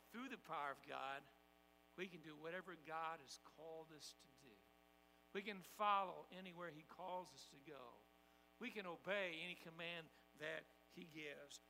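High, bright-voiced man preaching in a hall. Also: a little hiss or hum. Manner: preaching with call-and-response, swinging from loud to hushed. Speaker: pastor. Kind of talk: sermon.

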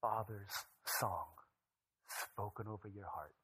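A man in his thirties, a pastor preaching a sermon, telling stories and moving from animated asides to a soft, hushed voice. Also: fairly low pitch, moderate pace, pauses often, slight background noise, poor audio. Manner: storytelling, animated then dropping to a soft hushed voice.

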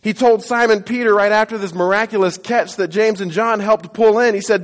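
A man preaching a sermon to his congregation, leading call-and-response and swinging between loud declarations and hushed lines. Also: sits high, moderate pace, few pauses. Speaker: pastor. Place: church sanctuary. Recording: echoey church hall.

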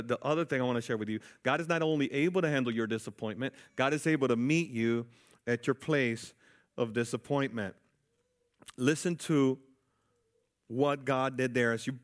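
Man preaching an emphatic sermon. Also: medium pitch. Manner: emphatic, calls out to the congregation. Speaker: pastor.

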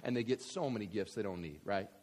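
A middle-aged male pastor preaching a sermon in an animated, joking, conversational way. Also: on the low side, quick pace.

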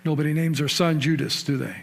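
A man preaching a sermon in a conversational storytelling way, asking his listeners questions and rising sharply in pitch and volume to stress key points. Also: fairly even intonation, fast, creaky, a little hiss or hum. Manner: storytelling, with sudden rises in pitch and loudness for emphasis. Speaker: pastor.

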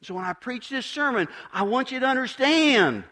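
A man preaching a sermon as pastor, building to emphatic swells and then dropping to quiet, measured lines. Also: very high-pitched, expressive.

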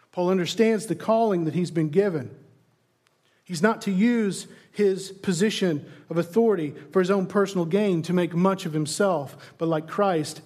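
High-voiced man preaching with rhetorical questions. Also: a little mellow. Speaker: pastor. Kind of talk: sermon.

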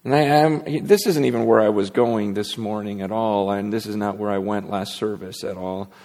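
A pastor with a lowish, steady voice speaks at normal speed, his tone a bit mellow and the sanctuary giving it a big-room sound. Addressing his congregation, he is candid and digressive, jokes at his own expense, and restarts frequently.

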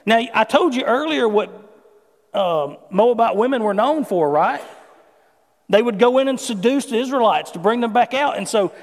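A man's voice: very high-pitched, animated, moderate pace. A man preaching a conversational sermon, mixing scripture reading with folksy personal stories. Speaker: pastor. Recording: long hall reverb.

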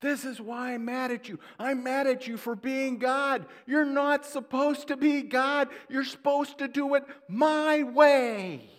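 A preacher doing a sulky prophet figure, a whiny and indignant man who demands his own way, pitched well above the speaker's normal voice, his words ringing out in a long hall echo. the line is insistent and raised throughout. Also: steady tone, a little slow, few pauses.

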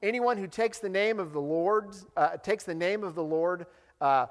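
A man preaching a sermon, explaining scripture with animated delivery and acted-out quotes. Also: high voice, moderate pace, long reverb tail. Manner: animated, acts out quoted lines. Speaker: pastor.

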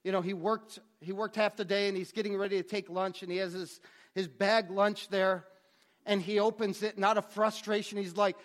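High-voiced man preaching a sermon. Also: level tone, normal speed, fairly bright tone. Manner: earnest, repeats words as he restarts. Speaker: pastor.

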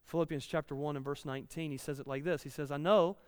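A man's voice: on the high side, steady tone, quick pace, a little mellow, smooth, no room sound, studio quality, big-room sound. A man in his thirties preaching a conversational sermon, repeating key lines and rising in volume when he reads scripture.

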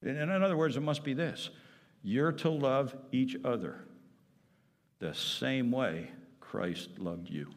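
A man's voice: medium pitch, expressive, slow pace. A man preaching a sermon as pastor, emphatic, repeating key phrases and putting questions to the congregation. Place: church sanctuary. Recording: long reverb of a church hall.

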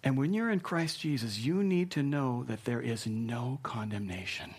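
A male pastor delivering a sermon in a middle-pitched voice. He preaches earnestly and with emphasis, then dropping soft and low for tender points. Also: expressive, normal speed, breathy edge.

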